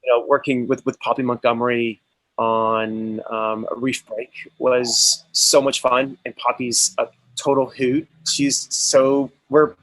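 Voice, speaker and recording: A man of middle pitch, telling stories as an interview guest. He talks with eager energy and often restarts his sentences. The room is dry, with no echo at all. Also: flat delivery, slow pace, fairly bright tone. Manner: enthusiastic storytelling, many restarts. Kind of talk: casual interview chat.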